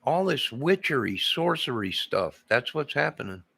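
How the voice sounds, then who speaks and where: A man's voice: mid-range voice, sing-song, measured pace, creaky, bright, forceful tone, husky. An older man, a vlogger, in an agitated, repetitive, rambling monologue.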